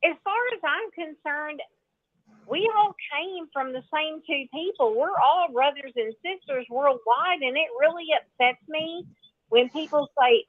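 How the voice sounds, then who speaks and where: Casting: high-voiced woman, earnest, phone-line sound, dry. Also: a little slow, no echo. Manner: earnest, restarts often. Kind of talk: casual group chat.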